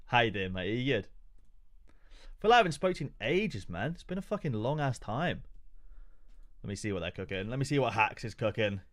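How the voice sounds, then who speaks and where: A young man chats casually with viewers during a live stream, joking around and swearing a lot as he banters with chat. His voice sits at a medium pitch with a fairly bright tone.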